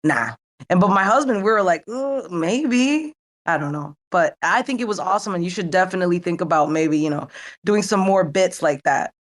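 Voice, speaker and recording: A woman's voice: on the low side, expressive, a little fast. A woman in a casual group chat who rambles and hesitates, filling her talk with "like".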